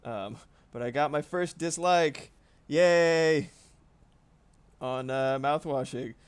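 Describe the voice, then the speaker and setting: A man at an ordinary middle pitch talks casually on a live stream while he draws. He rambles from one thought to the next, swears freely and laughs often. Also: unhurried, clear, resonant tone. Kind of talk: casual livestream chat while drawing.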